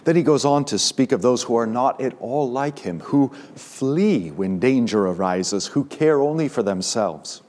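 A male pastor delivering a sermon in a steady mid-range voice. He presses hard on key words and then slows and softens to let them land. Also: mid-range voice. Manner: emphatic, rising sharply on key words.

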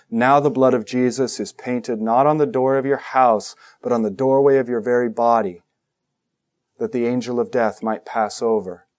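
Guy pastor preaching, lively, cracks jokes, acts out the bible bits. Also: medium pitch. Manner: animated, joking asides, acts out quoted voices. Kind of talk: sermon.

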